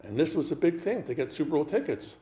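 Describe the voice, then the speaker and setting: Animated male rabbi telling stories. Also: on the high side, fast, reverberant. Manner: animated storyteller acting out dialogue. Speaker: rabbi, guest speaker. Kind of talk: storytelling talk.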